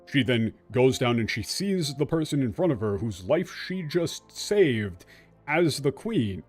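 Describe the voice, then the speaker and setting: A man streaming a game, casually explaining the translation in an animated, blunt and sarcastic way. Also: mid-range voice, unhurried, faint music behind. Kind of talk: casual gameplay commentary.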